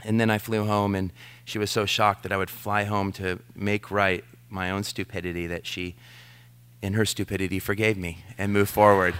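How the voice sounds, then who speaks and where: A man's voice: fairly low pitch, sharp tone, clean tone. A middle-aged man preaching a sermon, earnest and telling stories about himself with self-deprecating asides. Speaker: pastor.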